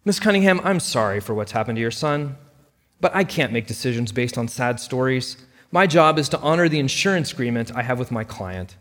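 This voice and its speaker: A man's voice: mid-range voice, expressive, brisk, a bit bright, long reverb tail. A man voicing a curt, bureaucratic insurance agent who brushes off a claim. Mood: dismissive. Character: cold, dismissive male insurance agent.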